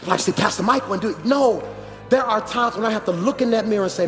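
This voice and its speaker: In a big church hall full of reverb, a pastor with a high voice preaches a sermon over background music. He talks fast, moving from a conversational tone to shouting.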